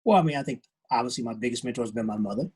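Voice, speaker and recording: A man's voice: mid-range voice, darkish tone, slightly rough, rough recording. A middle-aged man, a head track coach, talking earnestly and reflectively in a podcast interview. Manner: earnest, reflective, unhurried storytelling.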